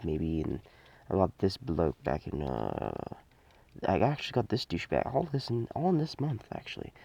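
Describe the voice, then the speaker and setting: A man's voice: deep voice, mellow, dull audio. A man giving a casual, unscripted toy review, rambling and hesitant with many fillers and restarts.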